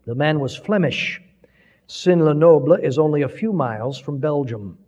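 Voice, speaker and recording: A man's voice: fairly high pitch, moderate pace, darkish tone. A man preaching, telling a story with swelling, dramatic delivery. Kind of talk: sermon storytelling. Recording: dull recording with long hall reverb.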